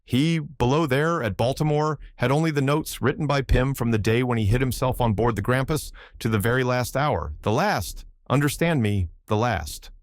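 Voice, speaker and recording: A man voicing a hoarse, rough-spoken sailor who talks in halting, broken phrases and keeps begging to be understood. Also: low voice, animated, darkish tone, no echo, clean studio sound, exaggerated voice. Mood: insistent. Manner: repeats himself, pleads to be understood. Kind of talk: audiobook character voice.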